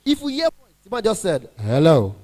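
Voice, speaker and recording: Man, Nigerian English accent, comedian working a party crowd, high voice, banter. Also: big pitch swings, fairly quick. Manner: banters with the audience, mixes in pidgin. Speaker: stand-up comedian and event MC.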